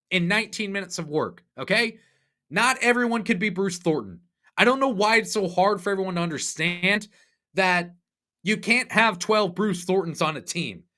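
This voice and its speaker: A young man hosting a sports podcast, ranting in an animated, sarcastic, exasperated way. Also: high voice. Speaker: podcast host. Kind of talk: opinionated sports podcast rant.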